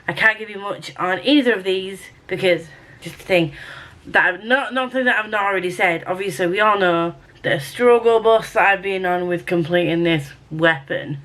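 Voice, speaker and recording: A young woman rambles cheerfully through a casual weekly reading vlog, hopping between quick asides. Her voice sits at an ordinary middle pitch, and her delivery is loose and conversational. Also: a bit bright. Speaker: book vlogger.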